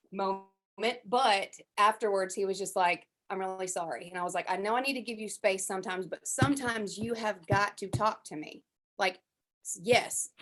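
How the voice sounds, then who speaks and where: A woman's voice: medium pitch, fairly bright tone. A woman chatting casually in a group class, talking with many fillers and acting out what others said. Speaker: class participant. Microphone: headset.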